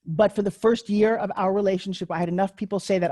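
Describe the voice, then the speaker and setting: A woman in her sixties giving a live online class as a pitch coach, in a chatty, joking, candid storytelling way over a video call. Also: fairly even intonation, fast talker, mellow, dry recording, studio quality. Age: 60s.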